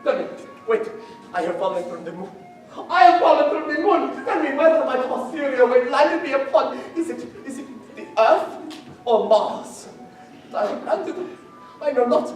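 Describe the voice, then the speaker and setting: A young man on a school stage playing Cyrano, a boastful long-nosed man posing as a lunatic fallen from the moon, with loud, wildly theatrical declamation. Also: very high voice, lively intonation, normal speed. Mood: manic, theatrical. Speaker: stage actor. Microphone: far room microphone. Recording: very echoey stage recording from far off, faint music.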